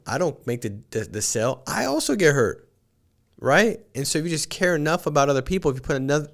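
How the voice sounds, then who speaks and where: A man hosting a morning podcast, telling stories in an earnest motivational talk and often restarting with repeated words. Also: mid-range voice. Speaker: podcast host and sales team leader.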